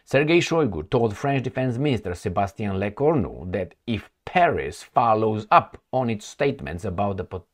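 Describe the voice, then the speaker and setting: A man's voice: lowish voice, sing-song, normal speed, hardly any pauses. A man hosting a political commentary channel, talking casually and sardonically with frequent fillers. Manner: conversational, sardonic, many fillers.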